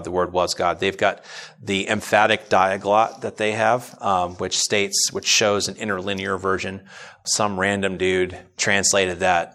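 A man's voice: lowish voice, a bit bright. Conversational preacher man, building emphasis. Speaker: pastor. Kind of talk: sermon teaching.

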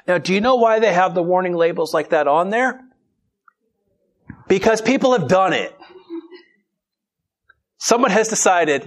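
A man's voice: high-pitched, lively intonation, measured pace, long pauses. A middle-aged man preaching a sermon in a conversational, humorous way. He reads scripture aloud and then explains it.

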